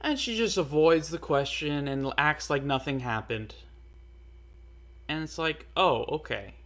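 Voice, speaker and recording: A young man telling a personal story in a casual, earnest way, halting often with fillers and restarts. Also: a little high, expressive, a bit bright. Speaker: storyteller vlogger.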